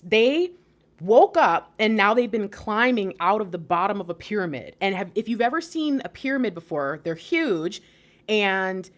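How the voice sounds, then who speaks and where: A woman's voice: medium pitch, animated, normal speed. Emotional, exclaiming woman doing a spiritual reading. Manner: emotional, exclaiming, swears casually. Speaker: intuitive tarot reader. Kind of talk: casual spiritual reading to camera.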